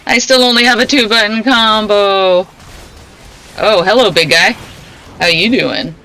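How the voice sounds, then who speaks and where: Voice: medium pitch, a little slow, pushed and bright, faint music behind, poor audio. A streamer in casual let's-play commentary, playful and chatty, reading game lines aloud between remarks.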